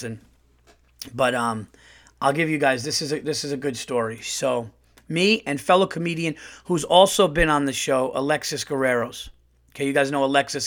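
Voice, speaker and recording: A man who is a comedian and podcast host, telling stories in a casual, profane monologue that climbs to loud outbursts when he gets heated. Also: mid-range voice. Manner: animated, profane, rising to shouting when heated.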